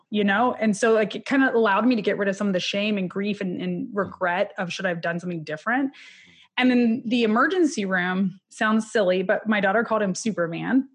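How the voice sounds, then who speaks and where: A woman's voice: mid-range voice, breathy edge. A woman in her thirties, an interview guest telling a personal story candidly, with many fillers. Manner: candid, emotional, with many fillers and quick laughs.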